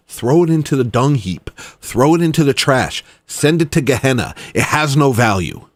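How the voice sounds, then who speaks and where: A man, an independent musician, ranting heatedly, swinging from low grumbling to loud exclamations. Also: sing-song, moderate pace, few pauses, no room sound. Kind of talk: ranting monologue.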